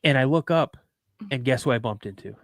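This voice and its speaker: A man's voice: mid-range voice, fairly quick, no room sound. A man hosting a podcast, telling casual, rambling anecdotes and often restarting and repeating his words. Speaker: podcast host. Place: live podcast show.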